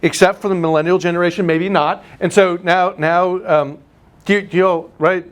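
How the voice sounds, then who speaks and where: A man's voice: high-pitched, clean tone. A man teaching a live real estate class, telling stories and teasing the room. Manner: animated storyteller, teasing, quick asides. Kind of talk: live class lecture with anecdotes.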